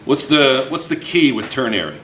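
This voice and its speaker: A man's voice: mid-range voice, sing-song, moderate pace, a bit bright, recorded from a distance, slight background noise. A male chemistry teacher lecturing a class, repeating questions and calling on students by name. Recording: echoey classroom.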